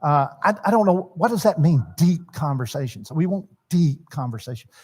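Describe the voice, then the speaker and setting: A man's voice: on the high side, lively intonation, normal speed, a little mellow, breathy edge. A middle-aged man teaching at a church marriage seminar, talking conversationally and acting out bits of dialogue. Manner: conversational, acts out quoted dialogue, repeats words.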